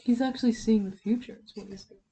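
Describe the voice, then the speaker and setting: A woman's voice: on the high side, steady tone, quick pace, warm tone, husky. A woman co-hosting a podcast, chiming in with dry, brief reactions. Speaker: podcast co-host. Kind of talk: casual chat.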